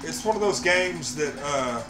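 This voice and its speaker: A man's voice: fairly high pitch, animated, a little slow, a bit bright. A man hosting a gaming stream, chatting in an easygoing, drawling way with fillers. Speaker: stream host. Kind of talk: casual gaming chat. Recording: echoey room with game music.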